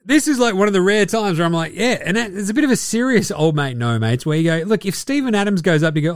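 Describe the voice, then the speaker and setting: A man's voice: high voice, expressive, fast talker, hardly any pauses, no room sound, clean studio sound. An Australian man hosting a podcast, giving a sarcastic, profane basketball recap. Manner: sarcastic, swears freely. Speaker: podcast host.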